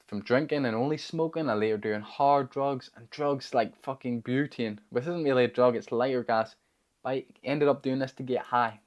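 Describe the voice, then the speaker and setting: A man's voice: medium pitch, darkish tone, highs cut off. Blunt, profane young man telling his story. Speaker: self-help video host. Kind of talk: personal storytelling monologue.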